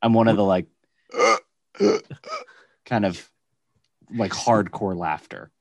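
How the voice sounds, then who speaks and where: A man's voice: on the low side, moderate pace, a little mellow, dry recording. A young man co-hosting a podcast in casual chat, chatty and filling his talk with "like". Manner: chatty, heavy on filler words. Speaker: podcast co-host.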